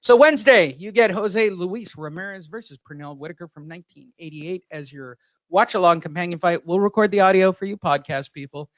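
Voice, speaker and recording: A man's voice: sits high, fairly quick, no room sound, dull audio. A man co-hosting a podcast in casual chat, joking and swearing as he tells stories. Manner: profane, joking storyteller. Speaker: podcast co-host.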